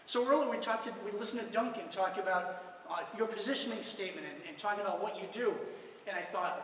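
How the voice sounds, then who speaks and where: A middle-aged man giving a conference talk to financial advisors as a lively, joking storyteller. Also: sits high, fairly quick, slight background noise. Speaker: financial services conference speaker. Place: large conference hall. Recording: echoey hall, from far off.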